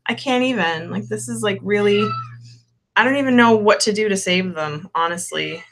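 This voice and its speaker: A woman's voice: medium pitch, fairly bright tone, a little hiss or hum. A young woman hosting a casual live-stream chat, candid and rambling, full of fillers and the odd swear. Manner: chatty and candid, lots of "like" and "um", swears freely. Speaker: tarot channel host.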